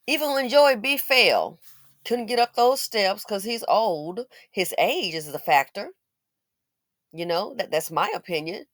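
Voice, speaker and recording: A woman's voice: medium pitch, expressive, measured pace, fairly bright tone, no echo, studio quality. A woman giving blunt, sarcastic opinion commentary as a channel host, scolding and mocking as she talks.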